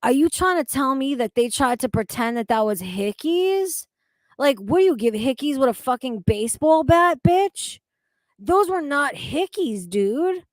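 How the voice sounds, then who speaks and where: A woman's voice: sits high, animated, unhurried, no echo, clean studio sound. Blunt profane woman streamer. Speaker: streamer reading chat. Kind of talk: casual live-stream chat.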